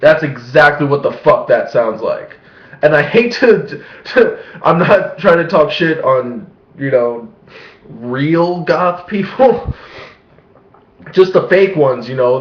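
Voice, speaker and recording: A young man rambling casually and profanely in a home vlog, laughing often and mocking what he heard. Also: fairly high pitch. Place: small room at home. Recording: echoey room, dull lo-fi sound.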